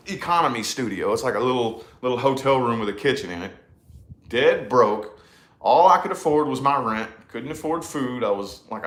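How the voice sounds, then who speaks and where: A man telling a personal story in loose, casual talk, with a relaxed drawl and frequent swearing. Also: mid-range voice. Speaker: podcast co-host. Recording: echoey room.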